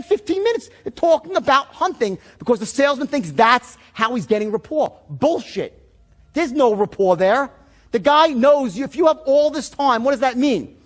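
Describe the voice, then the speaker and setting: A middle-aged man giving a sales seminar, telling stories in an animated, blunt way full of profanity. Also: extremely high pitch. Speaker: sales trainer. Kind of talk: seminar talk.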